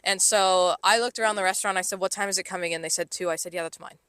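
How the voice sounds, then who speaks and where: A woman's voice: mid-range voice, very fast, clear, resonant tone, no room sound. A woman co-hosting a casual podcast, telling a work story with plenty of swearing and acted-out quotes. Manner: swearing, animated retelling with quoted voices. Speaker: podcast co-host, server.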